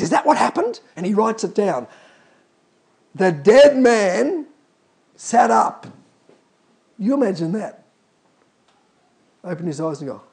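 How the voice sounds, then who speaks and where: Husky high-voiced emphatic preacher. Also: male voice, darkish tone. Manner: emphatic, calls out to the congregation. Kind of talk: sermon.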